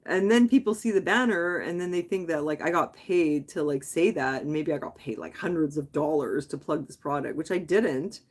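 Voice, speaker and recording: A woman with a low-sitting voice speaks at a moderate pace, hardly pausing. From Quebec and a native English speaker, she hosts a relaxed late-night livestream, rambling candidly in reply to viewer comments and thinking aloud with many restarts and "like"s.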